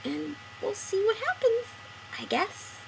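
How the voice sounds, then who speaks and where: A woman in her early twenties talking to camera in a casual vlog, chatty and animated, jumping between excited bursts and hushed asides. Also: extremely high pitch, slow, creaky, slight background noise, rough recording. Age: early 20s. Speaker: vlogger.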